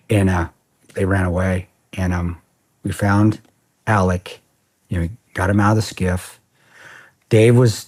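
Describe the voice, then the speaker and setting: A husky, somewhat low-pitched man talks casually as a podcast guest. He tells his story in an animated, profane way and keeps tossing in "man.". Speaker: podcast guest, former soldier.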